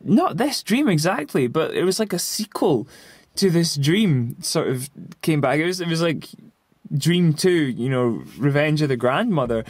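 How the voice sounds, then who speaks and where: A man's voice: fairly high pitch, expressive, measured pace, dry recording. A man in his twenties casually recounting a story in a rambling way, full of fillers and restarts. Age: 20s. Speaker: vlogger.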